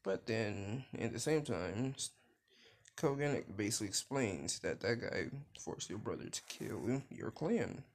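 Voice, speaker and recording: A man's voice: fairly low pitch, expressive, measured pace. A man casually retelling a fan story he made up, rambling, losing his thread and swearing now and then.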